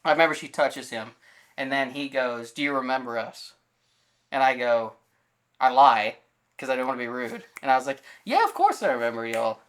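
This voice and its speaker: A man's voice: medium pitch, normal speed. Man animatedly telling a story on a podcast. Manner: animated storyteller acting out quoted dialogue; loose, filler-heavy retelling with self-corrections. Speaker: podcast co-host. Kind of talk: casual storytelling chat.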